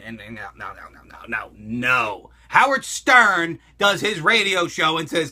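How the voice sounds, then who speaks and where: A loud, foul-mouthed middle-aged man answers viewer questions in a comedic monologue. His voice sits high for a man and swings up and down a lot. The tone is very bright and cutting. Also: animated, moderate pace, few pauses. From United States. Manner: loud, crude and swearing, with laughs.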